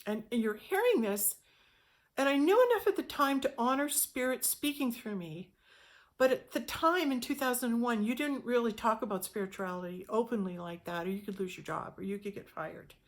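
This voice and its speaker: A middle-aged woman telling a personal spiritual story in an earnest, halting way, often repeating words as she goes. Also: a little high. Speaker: spiritual teacher sharing a testimony.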